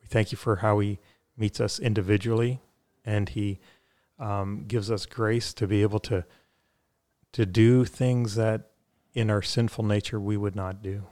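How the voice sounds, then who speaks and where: Man, low voice, flat monotone, earnest, faith podcast talk. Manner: earnest, halting with fillers. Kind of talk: podcast conversation and prayer.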